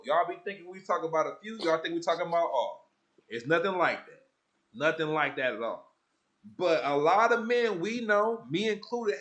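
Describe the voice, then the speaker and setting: Animated high-voiced man hosting a podcast. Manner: animated, slangy and profane, storytelling with asides. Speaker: podcast host. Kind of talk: casual podcast chat.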